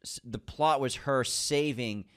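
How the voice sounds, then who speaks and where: A relaxed man co-hosting a casual chat, his pitch sitting in an ordinary middle range. He rambles a little as he recaps things and hedges his guesses along the way. The tone stays easygoing and conversational throughout. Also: measured pace. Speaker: podcast co-host.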